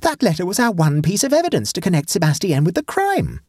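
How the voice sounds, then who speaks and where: A man voicing Egbert, an earnest, fussy young English gentleman who speaks in a raised, excitable voice. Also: a little fast, husky, no room sound, studio quality, heavily acted. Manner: earnest, excitable, pitch rising.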